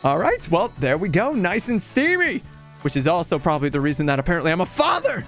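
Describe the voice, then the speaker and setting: A man's voice: on the high side, wildly swooping pitch, quick pace, a bit bright, soft background music. A young man from Canada giving playful, dramatic comedic commentary while playing a video game. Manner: playful, dramatic, jokey with frequent laughs. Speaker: gaming YouTuber.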